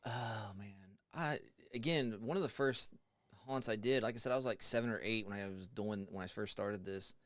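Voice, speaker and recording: Man in his forties, smooth laid-back storyteller. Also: fairly low pitch, normal speed, fairly bright tone, no room sound, studio quality. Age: 40s. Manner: laid-back, swears casually. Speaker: podcast co-host. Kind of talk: casual storytelling.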